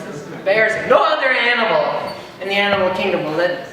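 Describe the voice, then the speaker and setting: A young man doing a stand-up comedy set, deadpan and chuckling at his own jokes. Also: high voice, fast, noisy background. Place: open-mic stage in a hall. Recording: echoey hall recorded from far off.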